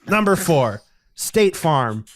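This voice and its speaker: A man co-hosting a comedy podcast, reading a silly top-five list in a deadpan, mock-ranting way. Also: on the high side, slow pace, a little hiss or hum. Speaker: podcast co-host.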